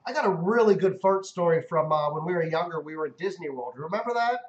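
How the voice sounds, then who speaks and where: A man's voice: fairly high pitch, expressive, fast, echoey room, highs cut off. A man co-hosting a casual live stream, telling crude stories in a rambling, jokey way with lots of restarts.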